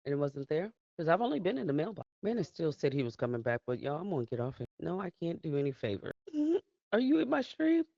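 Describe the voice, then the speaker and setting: Gravelly, lively woman streamer. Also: deep voice, quick pace, no echo, muffled recording. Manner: laughs often, chatty and animated. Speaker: live streamer. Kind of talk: casual live-stream chat with viewers.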